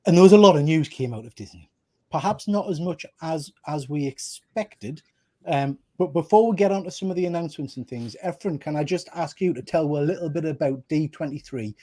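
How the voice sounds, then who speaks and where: A man's voice: on the high side, mellow. A man with a Geordie accent hosting a casual live panel chat over a video call, joking and bantering with his guests. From North East England. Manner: chatty, jokey, friendly banter. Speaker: host.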